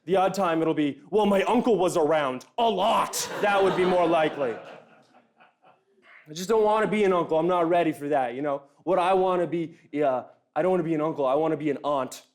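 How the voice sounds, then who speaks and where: A young male stand-up comedian talks through his set in a dry, self-deprecating way. His voice sits on the higher side for a man. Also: brisk.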